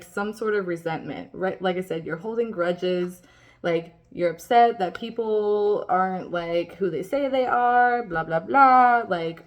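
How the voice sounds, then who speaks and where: A woman's voice: medium pitch, darkish tone. Casual swearing woman reading tarot. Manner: swears freely, reassuring, rambling. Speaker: tarot reader.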